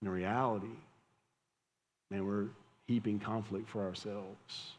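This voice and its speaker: A man's voice: on the low side, steady tone, slow pace. A man, preaching a sermon as a pastor, telling a casual, conversational story and laughing at it. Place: church hall with audience. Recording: live church hall with long reverb.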